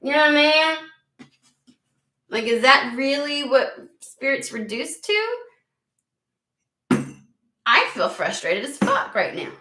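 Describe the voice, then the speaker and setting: A woman's voice: high-pitched, big pitch swings, takes it slowly, pauses often, sharp tone, reverberant, a little hiss or hum. A woman giving a casual tarot reading, talking bluntly and swearing a lot in an exasperated rant. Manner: blunt, profane, exasperated ranting. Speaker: tarot reader.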